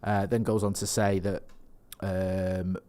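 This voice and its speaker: Deep-voiced and mellow, a male podcast co-host takes it slowly, with little pitch movement. He chats casually in a rambling, jokey manner and reads news reports aloud.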